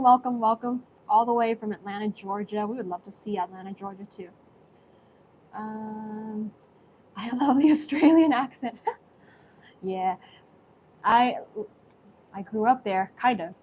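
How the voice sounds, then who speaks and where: A woman's voice: mid-range voice, a little hiss or hum. A young woman with an American accent hosting a live cooking stream from her kitchen, chatty and effusive as she thanks viewers by name. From Singapore. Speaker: host.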